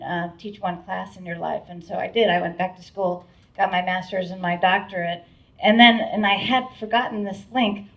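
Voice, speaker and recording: A middle-aged woman chairing a board, giving a heartfelt, rambling thank-you speech at an event with many restarts. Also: medium pitch. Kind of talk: emotional, grateful event speech. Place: event hall with an audience. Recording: distant, dull-sounding mic at a live event.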